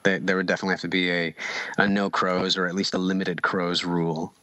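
A man guesting on a podcast, chatting casually in a relaxed, joking way with his mouth numbed from the dentist. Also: low voice, quick pace, dry recording. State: numbed mouth from dental anesthetic. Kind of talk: casual chat.

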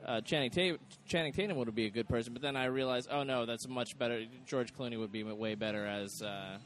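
A man hosting a casual podcast chat, talking haltingly with many fillers and restarts. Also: medium pitch, a bit bright. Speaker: podcast host.

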